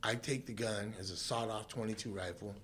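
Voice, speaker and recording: A Southern California man with a lowish voice talks a little fast over some background noise. He's a guest on a podcast, telling a story in a casual interview and acting out the voices of the people in it. He's an animated storyteller who laughs often.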